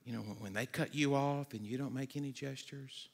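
A man preaching a sermon as a pastor, conversational and energetic, with humorous asides and stammered restarts, sometimes dropping low and quiet for serious points. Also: brisk, vocal fry, long reverb tail.

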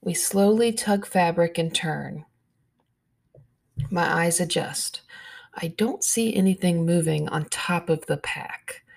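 A woman narrating a first-person story in a hushed, measured way, with soft whispered asides. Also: fairly low pitch, vocal fry.

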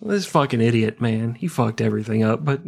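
A man co-hosting a podcast in casual banter, laughing a lot and jumping in with quick jokey comments. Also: mid-range voice, lively intonation, gravelly, husky. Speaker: podcast co-host.

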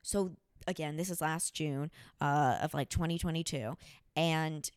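A woman hosting a casual podcast, telling a story in a blunt, profane, animated way. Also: low-pitched, unhurried, clean tone, no echo, studio quality. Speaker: podcast host.

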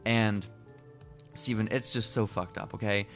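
A young man with a low-pitched voice talks through a movie plot on a podcast. His delivery is loose, chatty and peppered with profanity. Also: fairly even intonation, a little slow, a bit bright, soft background music. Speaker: podcast co-host. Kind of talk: casual chat.

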